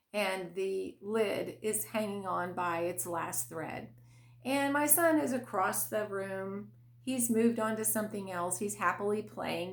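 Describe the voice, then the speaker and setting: A middle-aged woman hosting a podcast, telling a personal parenting story in a casual, chatty way with fillers and soft laughs. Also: medium pitch. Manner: conversational, many fillers, laughs between phrases. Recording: echoey room.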